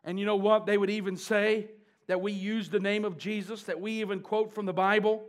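A high-voiced man preaching a sermon. He drives his points with fervent force and then drops into quieter, conversational asides. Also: little pitch movement, fairly quick.

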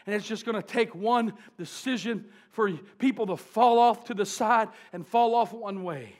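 A high-voiced man preaching a sermon. He drives his points with fervent force and then drops into quieter, conversational asides. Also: normal speed, hardly any pauses.

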